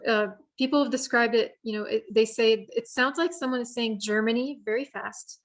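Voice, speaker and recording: A woman's voice: fairly high pitch, steady tone, moderate pace. Woman explaining birds on a video call. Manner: friendly, explanatory, with frequent fillers. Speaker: workshop presenter. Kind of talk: online bird identification workshop. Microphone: computer mic on a video call.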